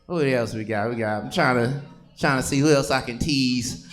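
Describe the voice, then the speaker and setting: A man's voice: mid-range voice, normal speed, faint music behind. A man doing profane stand-up crowd work on a comedy stage, teasing audience members.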